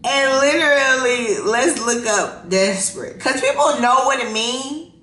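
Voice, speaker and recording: Bright-voiced, profane woman in her thirties. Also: high voice, unhurried, reverberant, slight background noise. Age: 30s. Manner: profane, laughing, animated storytelling. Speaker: podcast host. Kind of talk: casual unfiltered monologue.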